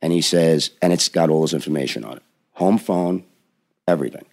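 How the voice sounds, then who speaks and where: Deep gravelly man telling a story. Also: brisk. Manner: animated storyteller, acts out quotes; frequent filler words and restarts. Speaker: film industry veteran guest. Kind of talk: casual anecdote on a podcast.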